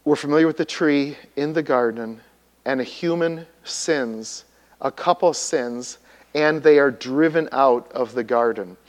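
A man's voice: medium pitch, measured pace. A man preaching a sermon, teaching in an explanatory way and putting questions to the congregation. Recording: long hall reverb.

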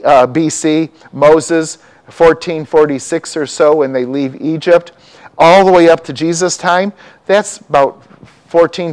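Conversational male pastor, slightly high voice. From mixed Dutch and Czech heritage. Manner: conversational, asks the congregation questions. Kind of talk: sermon.

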